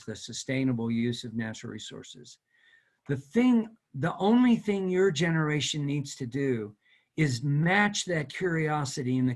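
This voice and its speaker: Older man, retired prof type, earnest and stirring, video call audio. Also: fairly high pitch. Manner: earnest, emotional, exhorting. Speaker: guest speaker, retired professor. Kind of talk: lecture over video call.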